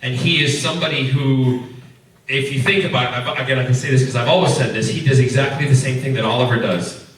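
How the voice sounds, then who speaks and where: A man's voice: mid-range voice, quick pace. A man answering fan questions at a convention panel, telling stories and laughing often. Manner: animated storyteller, laughing often. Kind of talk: casual Q&A banter. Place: large convention hall. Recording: echoey hall from far off.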